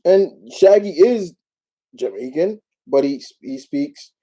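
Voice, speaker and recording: A man from New York hosting a casual live Q&A, talking in a rambling, animated way with many restarts. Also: on the high side, slow, rough recording. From New York, United States. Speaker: YouTube show host.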